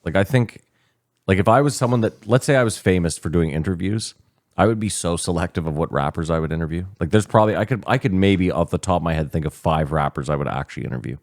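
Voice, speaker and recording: Brief: low, quick male podcast co-host, animated storyteller, dry mic. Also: no echo. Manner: swearing, animated retelling with quoted dialogue. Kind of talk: casual chat, storytelling.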